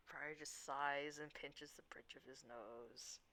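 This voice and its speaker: A woman narrating as game master of a tabletop game, unhurried and often laughing. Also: rumbling low, steady tone, sharp tone, a little hiss or hum.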